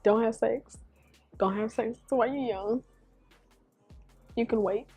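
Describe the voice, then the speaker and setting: A woman in her twenties, from Chicago, telling a casual storytime vlog in a chatty, animated way, talking straight to her viewers. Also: on the high side, measured pace, slightly rough, soft background music. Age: 20s. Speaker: beauty vlogger.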